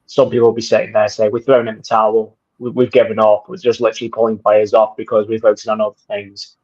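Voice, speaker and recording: A man's voice: fairly low pitch, level tone, fast, darkish tone, slightly rough. A man co-hosting a football livestream, giving fluent and enthusiastic fan analysis. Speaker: livestream co-host. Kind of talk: casual football podcast chat. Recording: dull lo-fi mic.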